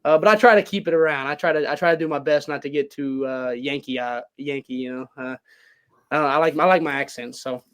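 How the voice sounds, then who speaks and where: A man's voice: fairly high pitch, quick pace, smooth. A man from Louisiana with a mixed north Louisiana and Cajun accent, telling stories as a guest in a casual podcast interview from his home. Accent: Louisiana, mix of north Louisiana and Cajun. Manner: rambling, animated storytelling with many fillers. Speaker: guest, pro wrestler.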